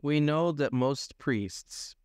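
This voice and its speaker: A man co-hosting a casual comedic chat, teasing his partner with quick jokey comebacks. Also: a little high, a little mellow, clear, resonant tone, no room sound, clean studio sound. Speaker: podcast co-host.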